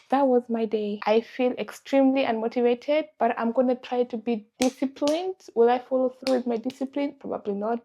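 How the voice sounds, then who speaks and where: A woman's voice: on the high side, creaky, a little mellow. A young woman, talking candidly and emotionally in a confessional vlog. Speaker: vlogger.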